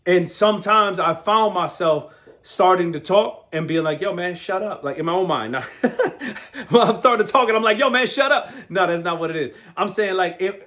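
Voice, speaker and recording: A man hosting a motivational podcast in an energetic, slangy talk, often restarting and asking "right?". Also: sits high, moderate pace. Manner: restarts and repeats words often.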